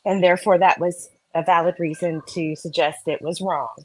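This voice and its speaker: A woman's voice: fairly low pitch, fairly even intonation, normal speed, poor audio. A woman who works as an accountant, explaining things in a casual, meandering way as a guest.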